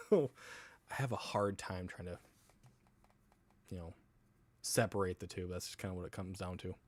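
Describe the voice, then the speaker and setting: A man's voice: sits low, normal speed, pauses often, darkish tone. A man hosting a casual livestream, rambling between topics while answering viewer comments and laughing often. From US South. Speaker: livestream host.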